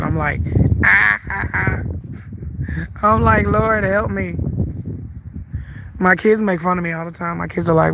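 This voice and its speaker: A middle-aged woman with a Southern US accent, congested and hoarse from the flu, chatting and rambling as she walks and livestreams in a park. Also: on the low side, noisy background. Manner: chatty, rambling, laughs often. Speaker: vlogger. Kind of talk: casual livestream chat while walking. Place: outdoors at a lake park.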